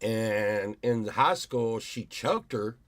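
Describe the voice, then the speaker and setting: Slow-talking rambling man in his fifties. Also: on the low side, expressive, dry recording. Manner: rambling, storytelling with many restarts. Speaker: YouTuber. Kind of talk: casual vlog monologue.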